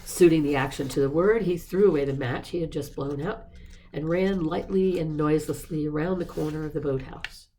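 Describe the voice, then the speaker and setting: A woman reading a novel aloud in a measured narrating voice. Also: deep voice, mellow, slight background noise, poor audio. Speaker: staff member reading aloud. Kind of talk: audiobook-style story reading.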